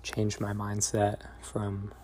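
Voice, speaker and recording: Low, flat-voiced young man musing. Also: slow pace, a little hiss or hum. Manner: reflective, meandering, soft-spoken. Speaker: vlogger. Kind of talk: confessional diary vlog.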